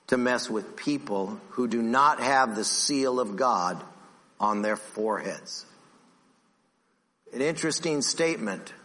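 A man preaching a sermon who acts out the voices in his stories and drops low and slow for emphasis. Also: bright, forceful tone. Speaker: pastor. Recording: long reverb of a church hall.

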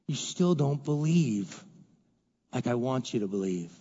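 A man voicing Jesus, speaking low, solemn and emphatic in a sermon. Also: expressive, slow. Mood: reproachful. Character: Jesus, a commanding, reproachful man. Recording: dull lo-fi recording in a reverberant hall.

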